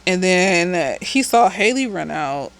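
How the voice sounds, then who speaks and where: A woman's voice: lowish voice, expressive, a little slow, gravelly, poor audio. A woman therapist, slightly tipsy, giving a casual, blunt and profane recap of a TV episode with chatty asides.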